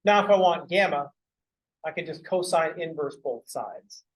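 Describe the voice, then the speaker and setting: A man's voice: on the high side, expressive, unhurried, rough recording. A young man lecturing math to a class, joking and rambling off topic, swearing casually as he goes.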